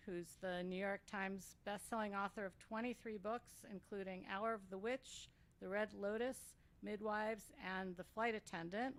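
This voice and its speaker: A woman hosting a bookstore author event gives housekeeping notes and introductions in a friendly, informal way with fillers. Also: mid-range voice.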